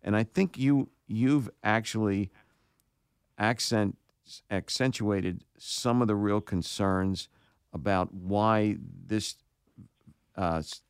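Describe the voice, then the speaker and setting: A male talk show host, speaking haltingly and repeating words as he chats. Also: on the low side, clean tone, no echo, clean studio sound. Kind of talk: casual radio talk.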